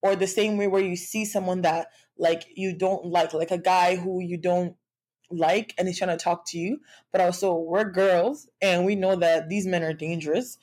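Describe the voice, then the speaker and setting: A young woman from Nigeria speaks candidly to her camera in a personal vlog. Her voice sits on the low side, and her talk is loose and conversational, full of fillers and restarts. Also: steady tone, moderate pace, a little mellow. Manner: occasional laughs while speaking. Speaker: vlogger.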